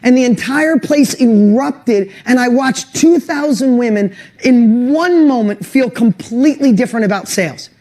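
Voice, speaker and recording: A man giving a motivational talk to an online audience, telling animated stories and often restarting his sentences. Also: very high-pitched, normal speed. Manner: animated, acts out quoted voices, restarts sentences; speaks directly to an online audience. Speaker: business coach and motivational speaker.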